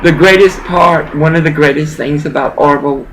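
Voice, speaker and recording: A woman's voice: low-pitched, normal speed, a little hiss or hum, low-quality recording. An older woman delivering a rambling, profane vlog rant, dropping in Spanish words here and there.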